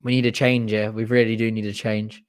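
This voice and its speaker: A young man giving partisan, excitable fan commentary on a live match, cheering his team on and groaning at missed chances. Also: on the low side, fairly quick, clear, resonant tone.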